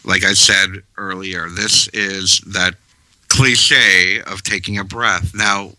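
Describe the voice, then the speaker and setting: A man giving a calm, measured spiritual talk, guiding listeners through breathing with long pauses. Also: deep voice, no echo, rough recording. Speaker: spiritual teacher. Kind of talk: slow meditative talk.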